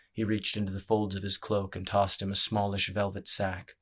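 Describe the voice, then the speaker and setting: A male narrator reads a gritty fantasy tale in a measured, even way. His voice sits on the low side, and he keeps a steady storytelling pace. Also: vocal fry, husky. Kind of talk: scripted audiobook narration.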